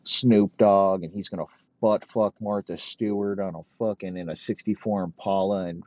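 A man with a very low voice rants crudely and rambles, swearing constantly in mock outrage. The recording is dull and dry, with no room echo. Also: steady tone, normal speed, darkish tone. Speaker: podcast host. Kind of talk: profane comedic rant.

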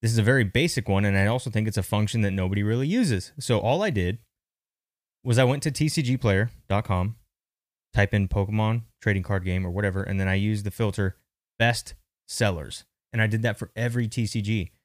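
Low-voiced chatty male podcast host. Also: a little fast, dry recording, clean studio sound. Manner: chatty, thinking aloud with restarts. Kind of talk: casual market commentary.

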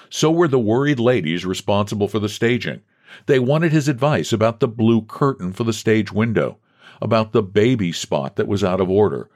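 Low-voiced man reading a story aloud. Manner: expressive, varied storytelling delivery. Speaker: audiobook narrator. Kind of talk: scripted narration.

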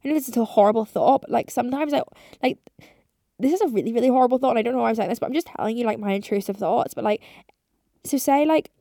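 A woman in her twenties hosts a casual solo podcast, talking fast in a slightly high, warm voice. She rambles and chats, swears often, and says "like" constantly. The recording is dry and studio quality.

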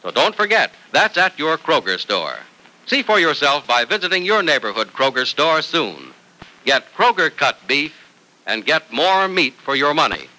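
Upbeat vintage radio announcer. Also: male voice, mid-range voice, pushed and bright, low-quality recording. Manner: upbeat, salesman-like.

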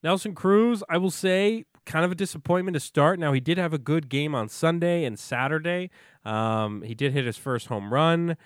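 A man's voice: a little high, moderate pace, dry recording, studio quality. Chatty man rattling off baseball stats. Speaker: podcast co-host. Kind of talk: casual sports chat. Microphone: remote call mic.

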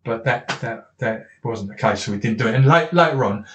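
Rambling South East English storyteller, echoey room. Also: male voice, medium pitch, animated, brisk. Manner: rambling anecdotes with frequent restarts and quoted dialogue. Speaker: boxing trainer, podcast guest. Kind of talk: casual storytelling. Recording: roomy echo, faint noise.

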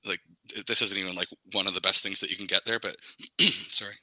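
A man's voice: sits low, steady tone, a little fast, background noise. A young man in his twenties, a guest in a casual interview, rambling with lots of "like" and "um". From Canada, Ontario. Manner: rambling, many "like" and "um" fillers.

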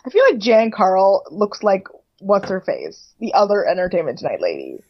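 A woman's voice: mid-range voice, huge pitch swings, normal speed. Woman podcast co-host recapping TV, casual chatty delivery, slightly muffled lo-fi sound. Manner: chatty, swears casually, frequent fillers like "like". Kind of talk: casual chat recapping a reality show.

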